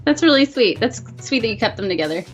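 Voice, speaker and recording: A woman hosting a casual livestream chat, reading supporters' messages aloud and thanking them warmly. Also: on the high side, very animated, quick pace, dull audio, faint music behind. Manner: gushing, reads donor messages aloud. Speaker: host.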